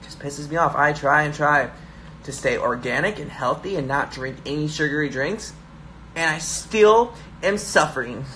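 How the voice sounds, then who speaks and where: A man's voice: on the high side, normal speed, bright, forceful tone, slight background noise. A young man hosting a live stream from his phone, hyper and joking as he reads viewer comments aloud. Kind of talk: casual live-stream chat.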